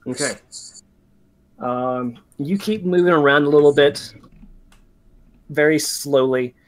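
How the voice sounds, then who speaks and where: A man's voice: fairly high pitch, takes it slowly. A man narrating as game master in a tabletop game, talking loosely with many fillers and restarts.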